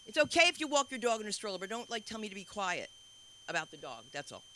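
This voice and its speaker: A woman runs a live comedy night, her tone piercingly bright. She rambles and doubles back in loose, chatty storytelling, far from scripted. A faint hiss of the room sits behind her. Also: medium pitch, very animated, fast. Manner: rambling, self-interrupting storytelling. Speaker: comedy show host. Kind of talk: stand-up emcee banter.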